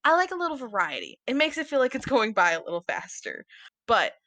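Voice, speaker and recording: A woman's voice: on the high side, big pitch swings, fairly quick, sharp tone, no echo. A woman co-hosting a podcast, chatting casually about books in a rambling, giggly way with lots of fillers. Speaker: podcast co-host.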